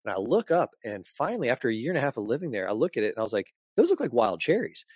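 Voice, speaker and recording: A man's voice: medium pitch, big pitch swings, rapid-fire, darkish tone, slightly rough, no echo. A man from Michigan hosting a podcast, chatting in an enthusiastic, playful and jokey way. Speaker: podcast host. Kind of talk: casual chat.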